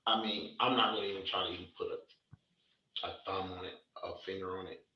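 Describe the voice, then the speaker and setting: Halting deep-voiced man in an echoey room. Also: fairly even intonation. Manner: halting, repeats himself, keeps saying "you know what I'm saying". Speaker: interview guest. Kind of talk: casual interview talk. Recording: echoey room, distant mic, dull lo-fi sound.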